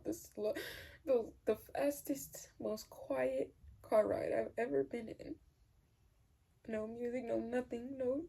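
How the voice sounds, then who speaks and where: A woman's voice: fairly high pitch, creaky, warm tone, breathy edge. A young woman candidly telling a personal story to camera, rambling and swearing freely. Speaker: vlogger.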